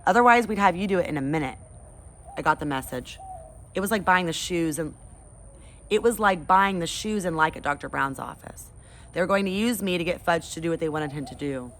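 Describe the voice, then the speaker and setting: A woman's voice: sits low, brisk, a bit bright. A woman reading a chapter book aloud to her class, then chatting in a friendly way. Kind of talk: read-aloud storytelling.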